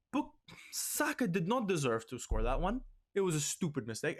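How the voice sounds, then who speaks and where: A young man hosting a let's play, ranting in exasperation and swinging loud and high when upset. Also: very animated, moderate pace. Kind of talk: ranting game commentary.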